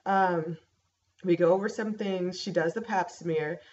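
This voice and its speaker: A chatty young woman vlogger gives a casual pregnancy update, telling her story animatedly with lots of fillers. Her voice is fairly low and unhurried, picked up by a laptop webcam mic that sounds dull and carries a faint hiss.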